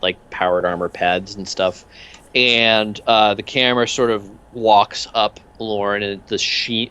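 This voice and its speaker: A man's voice: lowish voice, sharp tone, clear, resonant tone. A man narrating as game master in a tabletop game, rambling with many fillers and restarts.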